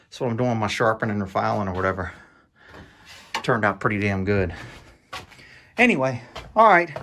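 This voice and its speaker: A man's voice: fairly low pitch, animated, moderate pace, bright, forceful tone, a little hiss or hum. A man vlogging casually about his projects and his cat, rambling and profane. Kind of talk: casual chat. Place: outdoors by a yard and cat shack.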